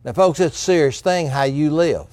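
A man's voice: a little high, normal speed, a little mellow, no echo. A man preaching a sermon as pastor, folksy and direct with the congregation.

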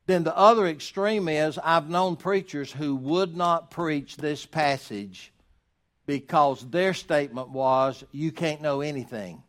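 A man's voice: fairly high pitch, slow pace, a bit bright. A man preaching a sermon to his congregation, folksy and emphatic, with sarcastic asides. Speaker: pastor.

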